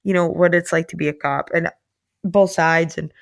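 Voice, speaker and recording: A woman's voice: lowish voice, steady tone, normal speed, gravelly. A woman who is a police officer hosts a podcast in a casual, rambling monologue, swearing freely and talking tired late at night. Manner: rambling, profane, emphatic, many fillers.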